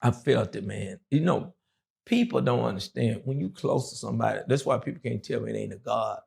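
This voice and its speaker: A man's voice: mid-range voice, brisk, a little mellow. A middle-aged man, an interview guest and former prisoner, telling his story in a loose, rambling way full of fillers. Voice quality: gravelly.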